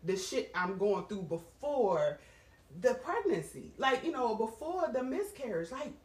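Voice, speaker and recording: A woman talking in a candid, casual chat, animated and frank, with plenty of profanity. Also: on the high side, a little slow. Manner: animated, frank and profane, swings between laughter and strain. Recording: roomy sound from a distant mic.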